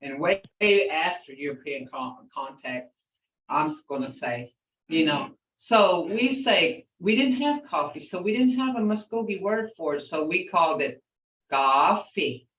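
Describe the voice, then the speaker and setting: Slow-spoken older woman teaching a language. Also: on the low side, expressive, fairly bright tone. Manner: slowly repeats words to model pronunciation; outspoken. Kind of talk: language class lesson. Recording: roomy, distant, dull lo-fi sound.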